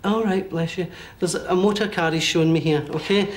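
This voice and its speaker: A man working as a medium, giving a one-to-one reading in halting bursts with frequent checks like "okay?". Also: high-pitched, fairly even intonation. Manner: hesitant, relays messages in bursts with many okays.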